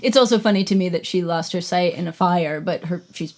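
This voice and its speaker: A woman's voice: fairly low pitch, brisk, a little mellow. Wry woman chatting about films. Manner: frank, wry, dry asides. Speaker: podcast co-host. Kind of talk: casual movie review chat.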